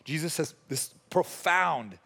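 A man preaching a sermon in an animated way, acting out the voices of people from the story. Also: a little high, takes it slowly, creaky, slightly rough. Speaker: pastor.

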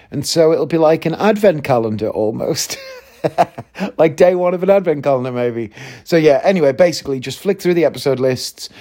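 A man hosting his own podcast in a casual solo monologue. He rambles, thinks out loud mid-sentence and swears freely. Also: on the high side. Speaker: podcast host.

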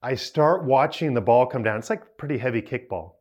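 A man in his forties giving a storytelling talk as a youth speaker, animated and poking fun at himself as he laughs through it. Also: mid-range voice, brisk, highs cut off. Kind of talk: storytelling talk to a young audience.

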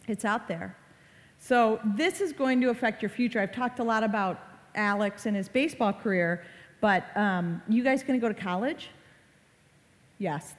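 A woman in her forties giving a talk to a live audience, telling stories and acting out quotes. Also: medium pitch. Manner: chatty storyteller, acts out quotes. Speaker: speaker on online reputation. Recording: reverberant hall.

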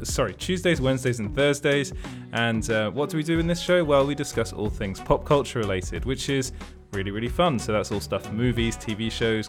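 A man hosts a casual pop culture news show. He chats at an ordinary mid pitch and often trips over his words, stopping to correct himself. Faint music plays under his voice. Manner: rambling with restarts and self-corrections. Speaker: host. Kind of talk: casual entertainment news talk.

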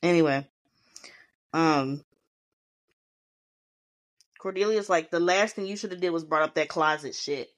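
A woman's voice: deep voice, a little slow, pauses often. A woman hosting a podcast, casually recapping a reality show episode, swearing freely and acting out what the cast said.

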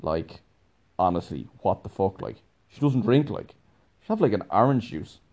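A man's voice: on the low side, expressive, normal speed, a little mellow, highs cut off. A young man telling a casual, rambling story, laughing often and filling his talk with "like". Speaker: podcast host, musician.

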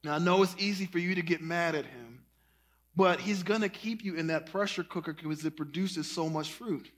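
Here a pastor with a slightly high voice speaks at normal speed, preaching in a casual, folksy way. He calls his listeners y'all, and his animated delivery breaks into singing and shouting.

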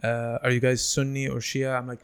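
Fast-talking young man telling stories. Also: mid-range voice, smooth. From United Arab Emirates. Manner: animated, acts out quoted voices, laughs often. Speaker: guest. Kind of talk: casual storytelling chat.

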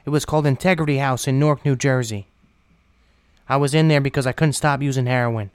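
A man's voice: medium pitch, steady tone, brisk, smooth, no room sound. A man candidly telling his own story of addiction and recovery, in a blunt, casual way with some swearing. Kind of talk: personal recovery testimony.

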